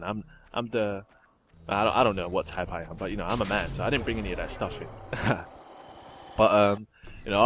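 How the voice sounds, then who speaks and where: A man's voice: on the low side, a bit bright, a little hiss or hum. A young man chatting casually and giggling while commenting over gameplay. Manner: chatty, giggly, rambling with fillers. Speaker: gaming commentator.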